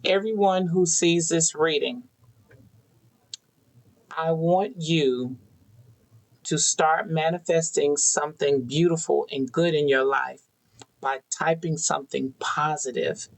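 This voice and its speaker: A tarot reader talking slowly and deliberately to an unseen audience, pulling oracle cards and drawing lessons from them. The delivery is earnest and preachy, and key phrases come back again and again. The voice sits at an ordinary middle pitch. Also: fairly even intonation, vocal fry, rough recording. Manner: preachy, earnest direct address with repetition. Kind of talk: spiritual oracle card reading addressed to viewers.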